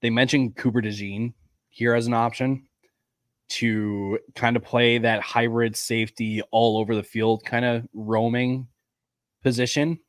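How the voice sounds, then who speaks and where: A man co-hosting a podcast, chatty and quick with his opinions in casual conversation. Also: medium pitch, flat delivery, no echo. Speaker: podcast co-host. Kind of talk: casual draft-reaction chat.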